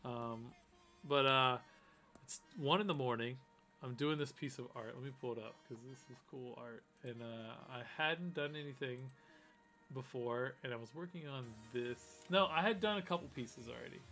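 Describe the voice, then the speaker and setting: A man's voice: mid-range voice, moderate pace, pushed and bright, soft background music. A man hosting a casual live stream, rambling with lots of fillers and restarts. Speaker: host.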